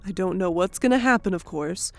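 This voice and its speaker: A woman's voice: mid-range voice, a little fast, soft background music, close to an everyday voice. Lady doing a smirky tough colonel lady, teasing and sarcastic, audiobook style. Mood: brisk. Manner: mocking, sardonic. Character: teasing seasoned female air force colonel.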